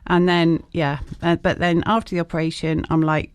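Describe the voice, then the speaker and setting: A woman's voice: low voice, level tone, normal speed, clear, resonant tone, no echo. Chatty woman guest in a dry room. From England. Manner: chatty, frank, many fillers and restarts. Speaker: guest, shop owner. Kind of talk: casual conversational interview.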